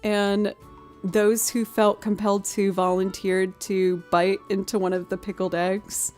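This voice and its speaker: Woman musician on a home stream; casual, animated storyteller who laughs easily, goes soft and cooing with her pet. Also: mid-range voice, measured pace, soft background music. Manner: animated, laughing often while telling stories. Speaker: musician livestreamer.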